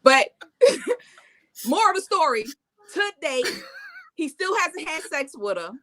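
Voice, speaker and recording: A woman in her forties co-hosting a casual chat, telling stories in an animated way and acting out what people said. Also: high voice, slow pace. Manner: animated storyteller acting out quotes. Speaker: co-host. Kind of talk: casual chat recapping reality TV.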